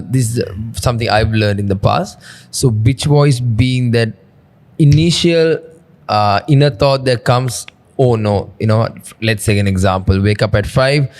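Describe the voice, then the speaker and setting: A man's voice: medium pitch, a little mellow. A man hosting an interview, asking long, wandering questions and agreeing often. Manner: frequent agreeing backchannels, rambling questions. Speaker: podcast host, interviewer. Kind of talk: conversational interview.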